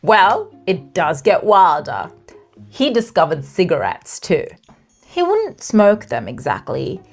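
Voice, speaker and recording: Lively woman telling a history story. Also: on the low side, slow pace. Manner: dramatic storytelling with wry asides. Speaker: podcast host and storyteller. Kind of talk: storytelling narration.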